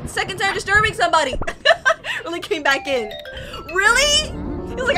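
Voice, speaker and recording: A young woman hosting a casual reaction video, animated and giggly, talking straight to her viewers. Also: very high voice, normal speed, pauses often. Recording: music playing underneath.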